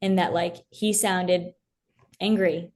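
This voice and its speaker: A woman's voice: lowish voice, fairly even intonation, takes it slowly, darkish tone, slight background noise. A young woman as an interview guest, talking earnestly and from the heart about her faith, with many fillers and restarts. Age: young adult.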